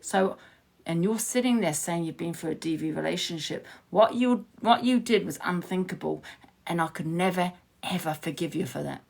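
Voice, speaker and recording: A woman's voice: fairly low pitch, vocal fry, a bit bright. A woman livestreaming from her phone, heated and confrontational, swearing freely as she rants to her viewers. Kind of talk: ranting live stream to viewers.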